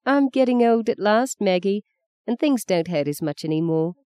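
A woman's voice: medium pitch, lively intonation, normal speed, dark tone, clear, resonant tone, voice pushed up, close to an everyday voice. A woman reading the part of an older mother who speaks bluntly, with grim, knowing irony. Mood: ironic. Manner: dry, knowing, pointed.

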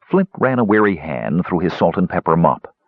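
A man reading a fantasy novel aloud as the narrator, in measured storytelling. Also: low-pitched, very animated, no echo. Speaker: audiobook narrator. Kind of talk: scripted narration. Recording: dull, dry close recording.

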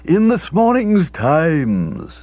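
A man reading an audiobook voices a distraught aristocratic widow, pitching up high and speaking slowly in a hoarse, throaty way. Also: huge pitch swings, no echo, lo-fi sound, full character voice.

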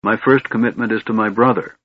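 A man voicing a big, devoted young male warrior who talks earnestly and pleadingly, in a husky voice. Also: lowish voice, steady tone, fast, no room sound, dull audio.

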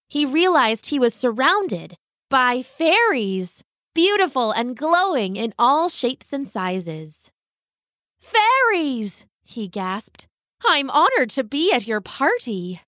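Storybook narrator: woman, gentle and expressive, slow, dry close mic. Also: high-pitched, no room sound.

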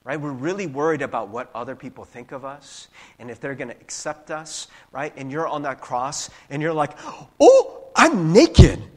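A male pastor preaching a casual, conversational sermon. He keeps tagging his points with "right?" and sometimes acts out quick little voices. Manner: casual, animated preaching with frequent "right?" tags; acts out voices with big pitch jumps.

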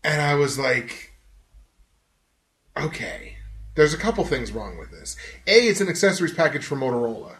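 A fairly high-voiced man tells a rambling story on a podcast, swearing freely and breaking into laughter. He's animated and casual, and the recording has a roomy echo around him. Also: normal speed, pauses often. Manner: animated, profane, laughs often while telling stories. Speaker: podcast host.

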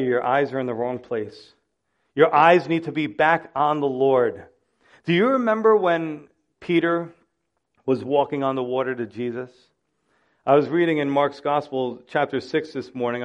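A male pastor delivering a sermon, with impassioned preaching that swells and drops in volume. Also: on the high side.

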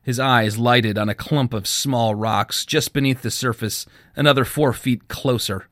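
A man, the author, reading his own fiction aloud in a measured storytelling manner. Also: mid-range voice, steady tone, a bit bright, no room sound, studio quality. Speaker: author and narrator.

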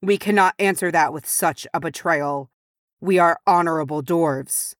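A woman's voice: lowish voice, unhurried, no room sound, studio quality, lightly acted. A woman voicing a shaken, proud dwarf king who pleads urgently. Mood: pleading.

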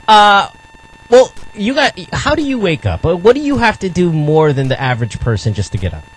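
Joking radio host man, lively voice. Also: high-pitched, a little fast, slight background noise, low-quality recording. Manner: joking, rambling, teasing. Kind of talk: casual radio call-in banter. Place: radio studio.

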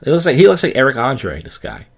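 A man's voice: mid-range voice, very animated, fast, creaky, breathy edge. A man hosting his own podcast, telling stories in a loose, crude, self-deprecating ramble. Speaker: podcast host. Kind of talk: casual rambling monologue.

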